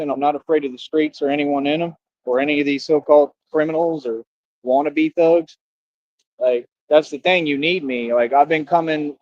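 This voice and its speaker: A fairly high-pitched man rants on a live stream in a repetitive, slangy way, hammering the same points over and over. The audio is dry and a little dull, with no room around it. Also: darkish tone, dry recording. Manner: emphatic, repetitive, slangy street talk. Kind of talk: rambling live-stream monologue.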